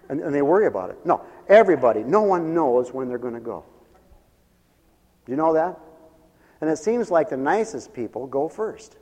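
A middle-aged male preacher tells a story from the pulpit, circling back on his words and jumping between quiet asides and big dramatic bursts. His voice sits in an ordinary male register. The sound carries a long reverb from a church hall. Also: mid-range voice, a little fast. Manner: animated, swings from hushed asides to loud dramatic outbursts; rambling with repeated restarts. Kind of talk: storytelling sermon. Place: church with a balcony.

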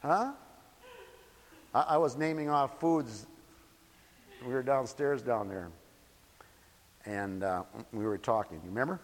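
A man preaching a sermon in a folksy way, moving between soft asides and loud, emphatic points. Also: medium pitch, unhurried, pauses often, in a large hall, slight background noise. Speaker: pastor.

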